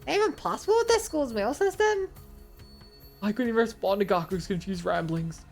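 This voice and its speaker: A woman's voice: fairly high pitch, lively intonation, fairly quick, a little mellow, faint music behind. A young woman streaming a game, reading narration aloud and chatting to her viewers in a frustrated, offhand way. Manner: frustrated, talks to chat.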